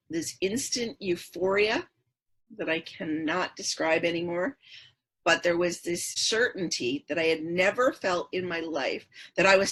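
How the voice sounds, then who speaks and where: A woman's voice: on the low side, a bit bright, husky. A middle-aged woman, a podcast guest, earnestly recounting her past in a repetitive storytelling rhythm. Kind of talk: personal story in interview.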